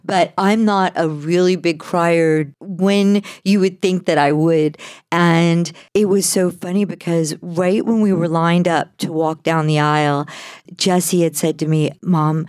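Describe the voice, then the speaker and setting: A middle-aged woman co-hosting a podcast, telling stories in casual chat with lively laughter. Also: on the low side, unhurried, no echo, clean studio sound. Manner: animated storyteller, laughs often. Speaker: podcast co-host.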